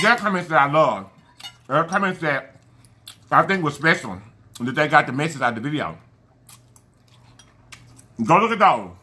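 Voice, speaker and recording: A man with a high, piercing voice hosts an eating video and chats casually to his viewers. He thanks his fans one by one with warm affection, often tripping over names and correcting himself. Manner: affectionate, giving shout-outs to fans. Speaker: mukbang channel host.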